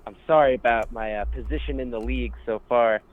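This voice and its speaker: Easygoing guy calling in, sounds thin like a phone line, mid-pitch voice. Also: fairly quick. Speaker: caller. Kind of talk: casual call-in chat.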